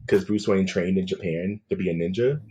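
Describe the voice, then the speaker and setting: A laid-back man hosts a podcast with a husky, somewhat low voice. He keeps things loose and jokey, peppering his casual chat with "man" and "dude". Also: fairly quick, darkish tone. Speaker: podcast host.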